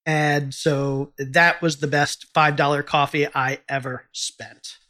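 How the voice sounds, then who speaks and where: A man's voice: fairly high pitch, little pitch movement, slow, bright, forceful tone. A man who hosts a podcast, answering interview questions in an earnest, advice-giving way with small restarts. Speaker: podcast host and entrepreneur.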